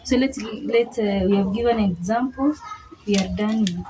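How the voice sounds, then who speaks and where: A woman's voice: medium pitch, normal speed. A woman teaching an online grammar lesson, patiently repeating key words and going step by step. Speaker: English teacher. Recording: noticeable background noise.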